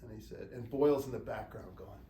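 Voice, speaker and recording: A middle-aged American man, a journalist and guest speaker, telling animated anecdotes to a small group of students and acting out quotes as he goes. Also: mid-range voice, fast talker. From United States. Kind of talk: storytelling talk to students. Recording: echoey room, distant mic, faint noise.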